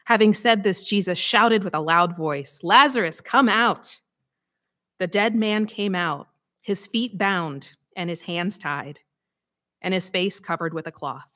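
A woman preacher reading scripture aloud and giving a sermon, conversational and expressive with dramatic emphasis. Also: on the low side, unhurried.

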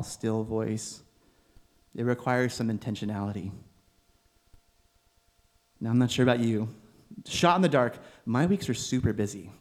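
Young guy giving a sermon, chill and chatty, average pitch voice. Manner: conversational, gentle, with bursts of exasperated emphasis. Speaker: preacher, seminary student.

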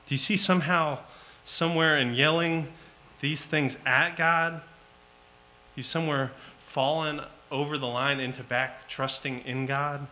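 A man preaching a sermon, slow and emphatic, rising to loud pleading at times. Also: mid-range voice, rough recording.

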